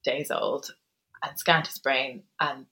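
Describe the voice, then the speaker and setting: A woman in her thirties, a guest author telling a personal story in an interview, soft-spoken and hesitant, pausing often with ums. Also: rumbling low, fairly even intonation, poor audio.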